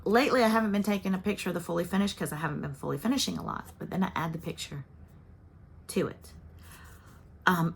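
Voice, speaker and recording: Lowish-voiced woman in her 50s, rambly cozy chat with her stitching viewers, laughs a lot. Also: creaky, sharp tone, slight background noise. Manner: chatty and rambling, with frequent little laughs. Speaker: cross-stitch channel host.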